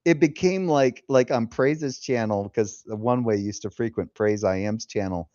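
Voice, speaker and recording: A man hosting a casual live stream, an animated storyteller who acts out the quotes he tells, talking into a headset. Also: fairly low pitch, moderate pace, no echo. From California. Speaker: host. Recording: dull dry headset sound.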